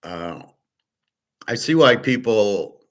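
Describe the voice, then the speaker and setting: Here a middle-aged man, host of his own show, drifts through a rambling, casual monologue full of fillers and false starts. He speaks slowly in a lowish, expressive voice.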